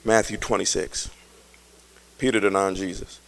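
A male pastor preaching a sermon in a colloquial, joking way, swinging from quiet talk to shouting. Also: low-pitched, level tone, normal speed, vocal fry. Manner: colloquial, jokes with the congregation.

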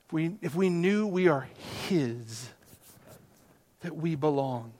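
Pastor, male, high-pitched, earnest preaching with quiet hushed moments; reverberant sanctuary. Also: lively intonation, slow, long pauses. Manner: earnest, with sudden soft hushed drops for emphasis. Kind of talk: sermon. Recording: long hall reverb.

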